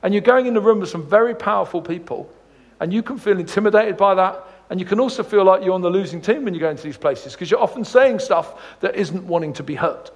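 A guest preacher with a high-pitched voice moves at a quick pace, weaving funny stories between points of scripture. His jokey, animated asides trail off in a long reverb tail.

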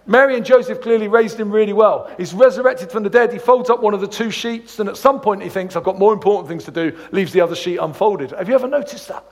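A man's voice: high-pitched, fast, hardly any pauses, long reverb tail. Chatty man preaching with jokes. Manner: jokey, storytelling, animated asides. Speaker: guest preacher. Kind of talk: sermon with humorous anecdotes.

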